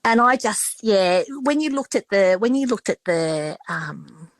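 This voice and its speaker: A woman's voice: medium pitch, animated, unhurried, no room sound, low-quality recording. A middle-aged woman with an Australian accent telling stories in a casual interview, chatty and full of restarts and quoted dialogue. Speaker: restaurateur and podcast guest.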